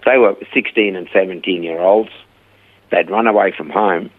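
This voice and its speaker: A man, telling stories in an animated way as the guest of an interview about his rehab ministry. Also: low-pitched, normal speed, slightly rough. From Australia. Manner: animated storyteller, acting out quoted dialogue. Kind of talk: storytelling interview. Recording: narrow phone-like radio audio.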